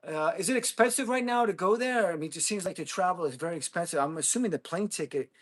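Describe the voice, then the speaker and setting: An American man hosting a casual livestream, chatting with viewers, thanking them and whooping with excitement. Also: a little high, breathy edge. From United States. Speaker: livestream host.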